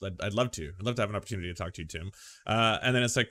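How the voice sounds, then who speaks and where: A man's voice: fairly low pitch, rapid-fire, sharp tone. A man hosting casual political commentary in a sarcastic, mocking way. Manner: sarcastic, mocking impressions of others.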